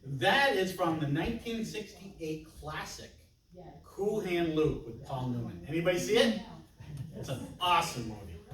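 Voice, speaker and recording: A man in his sixties speaks slowly in a slightly high voice, joking with the audience as he presents. He sounds distant in a roomy hall, with a crowd murmuring faintly behind him. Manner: chatty, jokes with the audience. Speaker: conference speaker. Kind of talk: interactive presentation.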